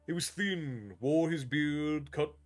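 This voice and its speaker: A man telling a fantasy story as a steady, measured storyteller. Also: a little high. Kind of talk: reading a fantasy novel aloud. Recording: faint background music.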